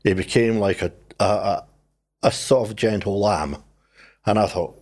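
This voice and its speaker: Husky older New man. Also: lowish voice, a little slow. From New Zealand. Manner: animated storyteller, acts out his own past voice and others. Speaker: guest telling his faith story. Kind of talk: conversational testimony.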